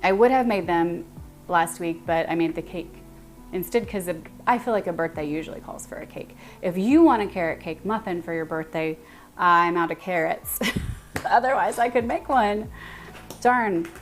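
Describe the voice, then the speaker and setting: Soft music plays behind a woman with a lowish voice and a Texan accent as she hosts a relaxed baking livestream from her home kitchen. At a moderate pace, she chats, thinks out loud, and welcomes her viewers by name.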